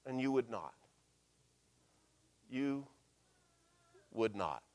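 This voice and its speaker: A man, a pastor telling a story in his sermon and quoting scripture in a hushed, slow voice. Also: a little high.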